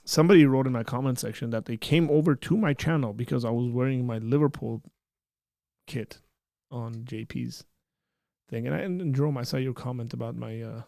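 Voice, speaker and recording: A man's voice: mid-range voice, brisk, vocal fry, warm tone, no echo, studio quality. A man hosting a live stream, chatting casually and joking as he reads viewer comments aloud.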